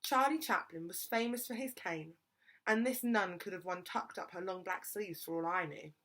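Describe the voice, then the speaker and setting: Female reader, steady expressive storybook narration. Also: fairly low pitch, moderate pace. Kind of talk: reading a children's novel aloud.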